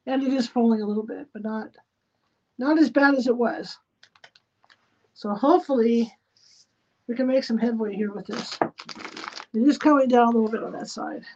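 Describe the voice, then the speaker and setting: A woman's voice: on the high side, normal speed, long pauses, a little mellow. A woman hosting a live stream from a spare bedroom at home, muttering to herself as she describes each step of her craft project. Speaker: livestream host. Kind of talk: casual running commentary while crafting. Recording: dull lo-fi sound with faint noise.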